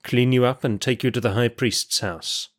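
A man's voice: medium pitch, steady tone, moderate pace, lightly acted. A man voicing a barking, impatient prison guard. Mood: harsh. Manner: snapping, barking orders.

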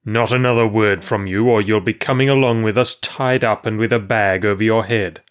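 A bossy leader of a band of refugees snaps and bullies in a harsh, impatient voice, as a male audiobook reader acts him out. The voice sits somewhat low overall yet rises above the narrator's. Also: fairly even intonation, normal speed, clear, resonant tone, close to an everyday voice. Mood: angry.

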